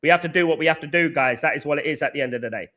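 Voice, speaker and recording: Bright-voiced man ranting passionately. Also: on the high side, very fast. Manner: passionate ranting, swears, repeats himself; addresses chat viewers directly as guys and mate. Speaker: football fan channel host. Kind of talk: live reaction stream reading viewer comments.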